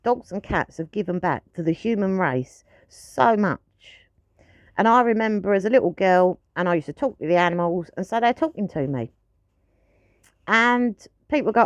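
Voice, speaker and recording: A woman's voice: mid-range voice, expressive, moderate pace, dry recording, muffled recording. A woman ranting to camera in a blunt, frustrated way, swearing freely. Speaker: pet owner vlogger.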